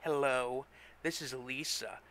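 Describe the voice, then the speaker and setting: A man reading a story, voicing a soft-spoken, cheerful young woman who is the hero's girlfriend. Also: medium pitch, steady tone, slow.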